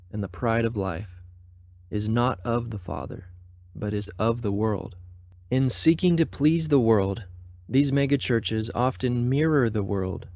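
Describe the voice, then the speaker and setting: Pria narator kritis, suara kering. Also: male voice, medium pitch, darkish tone, no room sound. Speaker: narrator. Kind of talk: scripted documentary narration.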